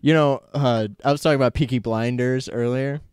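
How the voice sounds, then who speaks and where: A man co-hosting a casual podcast who talks haltingly, with lots of "like" and "uh". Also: medium pitch, steady tone, a little mellow, clean tone, no echo, clean studio sound. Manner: hesitant, full of "like" and "uh". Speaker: podcast co-host.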